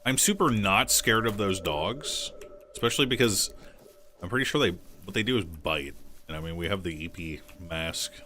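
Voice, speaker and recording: A man's voice: low voice, normal speed, sharp tone, slight background noise. A young man casually commenting on his gameplay, joking, swearing freely and talking to his chat. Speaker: streamer.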